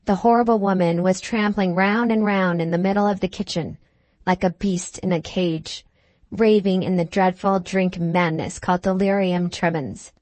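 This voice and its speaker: Brief: low-pitched woman narrator, measured dramatic reading, dry close-mic audiobook. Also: steady tone, a little mellow, dry recording. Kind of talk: scripted narration.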